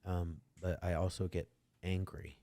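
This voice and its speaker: A middle-aged man with a very low voice talks candidly in a casual podcast conversation. He rambles, trips over himself and restarts his sentences as he speaks. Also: flat delivery, a little slow, dark tone. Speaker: podcast host.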